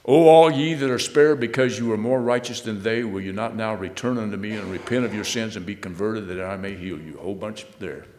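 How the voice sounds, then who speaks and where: A man preaching a sermon, reading scripture aloud and then expounding it, swinging between loud emphatic bursts and low, quiet asides. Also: fairly quick, few pauses, in a large hall.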